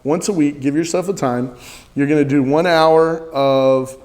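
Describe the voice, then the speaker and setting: A man's voice: on the high side, fairly even intonation, a little slow, a little mellow, in a large hall. A man teaching a spiritual practice, earnest, leading listeners in repeated chants.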